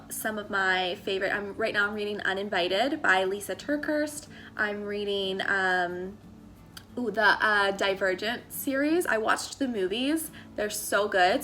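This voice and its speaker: This young American woman from Maryland has a medium-pitched voice with a sharp tone. Her casual faith-and-lifestyle vlog is chatty, earnest, and encouraging, and full of fillers.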